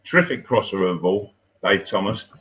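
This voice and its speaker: An older man, a former footballer, telling stories in casual chat, unhurried and halting, with many fillers and restarts. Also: sits low, animated, a bit bright. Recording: dull lo-fi sound.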